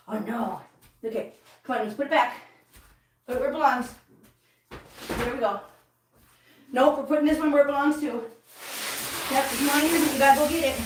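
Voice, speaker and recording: A woman's voice: high-pitched, normal speed, long pauses, recorded from a distance, noisy background. Earnest woman vlogging in an echoey room. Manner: earnest, baby talk to cats. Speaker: cat channel vlogger. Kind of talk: casual chat while cleaning. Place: home with many cats.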